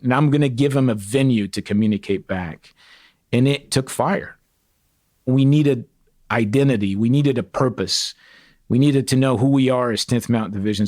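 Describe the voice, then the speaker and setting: A middle-aged man telling stories as an interview guest, lively and acting out the voices of the people in them. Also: medium pitch, no echo, studio quality. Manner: animated, acts out quoted dialogue. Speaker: guest, retired senior enlisted leader. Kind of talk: casual interview storytelling.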